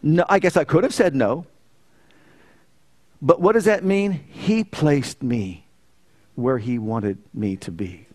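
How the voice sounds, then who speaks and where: A male pastor preaching a sermon in a church. His voice sits a little high. He tells stories, rising to loud emphasis and then falling to quiet, earnest lines. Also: expressive, slow pace, pauses often.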